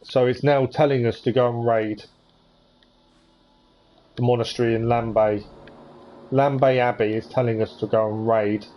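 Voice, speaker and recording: A man's voice: mid-range voice, fairly even intonation, normal speed, pauses often, lo-fi sound. A man giving casual commentary on a live gameplay stream, thinking aloud as he plays. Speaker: game streamer.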